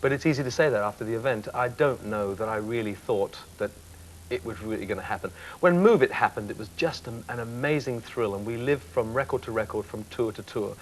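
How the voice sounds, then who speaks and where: A man's voice: mid-range voice, a little fast, faint music behind, rough recording. A man in his fifties reflecting candidly on his singing career as a talk show guest. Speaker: singer, guest. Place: TV studio.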